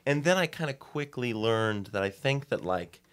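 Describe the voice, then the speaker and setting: A man's voice: medium pitch, animated, moderate pace, a bit bright, clean tone. A young man, a comedian guest, talking in a reflective, wry and hesitant way. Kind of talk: casual podcast chat.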